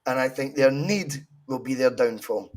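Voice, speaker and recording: A man's voice: medium pitch, moderate pace, a little mellow. A Scottish man co-hosting a football podcast, talking casually, swearing and laughing as he argues. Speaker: podcast co-host.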